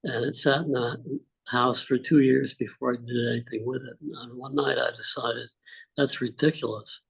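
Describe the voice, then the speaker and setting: An older man telling relaxed, rambling personal stories on a group video call, with many fillers. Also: medium pitch, creaky, breathy edge, poor audio. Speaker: call participant. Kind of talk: casual storytelling on a group call.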